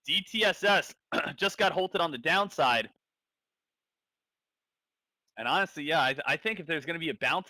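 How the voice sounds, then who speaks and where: Male trading-stream commentator, slightly high voice, bright and forceful, casual and repetitive, dry sound. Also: fairly quick, no echo. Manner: casual, thinks aloud, repeats phrases.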